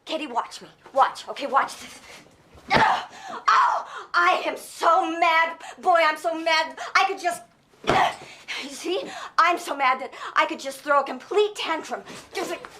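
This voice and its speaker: A woman acting in a film drama as a caregiver, coaxing a child loudly and with exaggerated feeling. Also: high voice, brisk, few pauses, background noise, close to an everyday voice.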